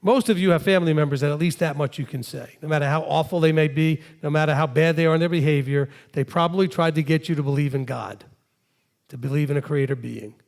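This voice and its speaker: A man, a rabbi, teaching a congregation and acting out imagined conversations in a lively preaching style. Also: fairly high pitch, fast talker, gravelly. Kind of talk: sermon-style teaching with acted dialogue.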